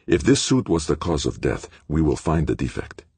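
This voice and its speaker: A man's voice: a bass voice, very animated, moderate pace, darkish tone, breathy edge, dry recording, heavily acted. A man voicing a stern male technician holding back anger, clipped and near-hissing.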